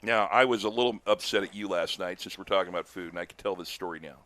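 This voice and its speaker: An older man doing live baseball play-by-play, chatty and telling stories between pitches, lifting his voice on big plays. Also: quick pace, fairly bright tone, no echo. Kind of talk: live baseball commentary with chat.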